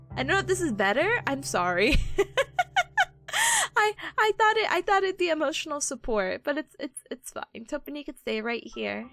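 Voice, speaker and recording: A woman's voice: sits high, very animated, moderate pace, over music. A woman streamer in casual live chat, playful and silly, laughing often between lines. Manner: silly, sings sound effects.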